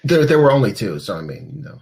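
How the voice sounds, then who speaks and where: A man's voice: mid-range voice, big pitch swings, fast talker, darkish tone, slightly rough. A young man co-hosting a podcast in casual chat, rambling and laughing a lot. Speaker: podcast co-host.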